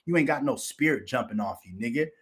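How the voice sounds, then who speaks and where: A man's voice: medium pitch, lively intonation, quick pace, fairly bright tone, breathy edge. A man hosting a livestream, ranting in a brash, boastful and mocking way, full of swearing. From Minnesota. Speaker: livestream host. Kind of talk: profane livestream rant.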